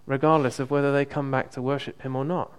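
A man preaching in a relaxed, conversational way, with frequent ums and small restarts as he tells a personal story. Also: medium pitch, fast, smooth. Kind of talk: conversational sermon with personal testimony.

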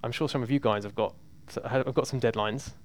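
A man's voice: mid-range voice, steady tone, a little fast. A man preaching a sermon in a conversational, emphatic way, repeating words for emphasis.

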